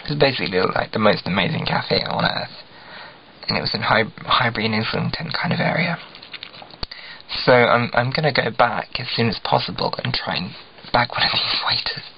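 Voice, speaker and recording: A man's voice: medium pitch, animated, moderate pace, creaky. A young man from England vlogging in a casual, rambling, self-deprecating way, full of "like" fillers. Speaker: video blogger. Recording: dull lo-fi webcam audio with faint hiss.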